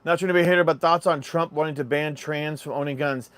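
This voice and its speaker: A man's voice: a little high, quick pace, dry recording. A man casually hosting a livestream, chatting easily and reading viewer comments. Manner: relaxed, chatty, addresses viewers as y'all. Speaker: livestream host.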